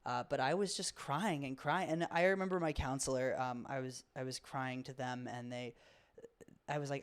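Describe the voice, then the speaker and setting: A woman's voice: rumbling low, fairly even intonation, moderate pace. A woman from Florida co-hosting a podcast, chatty and joking as she tells a childhood story in casual conversation. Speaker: podcast co-host.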